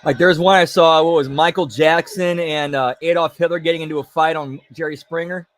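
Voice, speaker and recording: A male stream host chats casually over a broadcast, laid-back and full of slang and jokes. His voice sits a little high. There is faint noise in the background. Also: fairly even intonation, brisk. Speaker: watch-along host.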